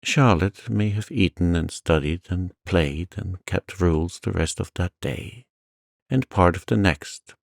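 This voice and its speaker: A man reading a bedtime story in a soft, soothing way, close to the mic. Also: deep voice, unhurried, vocal fry, no room sound. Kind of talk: calm bedtime story narration.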